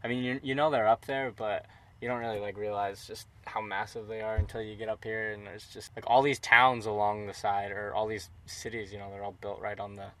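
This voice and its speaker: A young man from Utah hosting a casual travel podcast, rambling excitedly with lots of fillers. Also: lowish voice, brisk. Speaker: podcast host.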